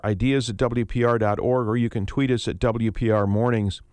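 Male talk radio host, relaxed and conversational, dry close studio mic. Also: mid-range voice, a little fast, hardly any pauses, no echo. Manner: conversational, easygoing, frequent uh fillers. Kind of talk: radio talk show hosting. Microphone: studio microphone.

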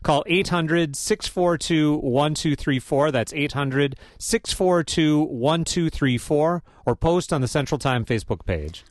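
A man co-hosts a radio talk show in a slightly high voice. He is relaxed and conversational. The sound is dry and close to the studio mic. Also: unhurried, hardly any pauses, dry recording. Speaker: radio host. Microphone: studio microphone.

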